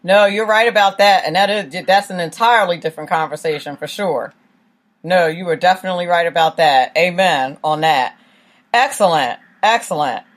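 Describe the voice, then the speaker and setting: A woman's voice: fairly low pitch, moderate pace. A woman hosting her own online show, chatting casually, laughing often and saying "right" a lot. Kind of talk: casual interview chat.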